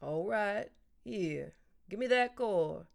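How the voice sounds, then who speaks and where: A woman's voice: medium pitch, expressive, slow, creaky. A woman voicing a kindly, teasing older man and grandfather who jokes in a dry, storytelling way.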